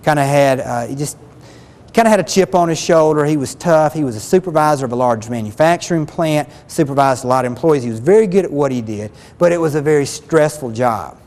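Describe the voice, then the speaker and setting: A man's voice: a little high, brisk, darkish tone, in a large hall. A man giving a spoken self-help lesson as a relationship counselor, earnest and plain-spoken, often repeating himself.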